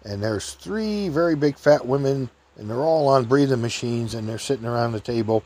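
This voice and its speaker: An older man casually telling a rambling personal story, chuckling often and raising his voice high to act out other people's lines. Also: normal speed, darkish tone.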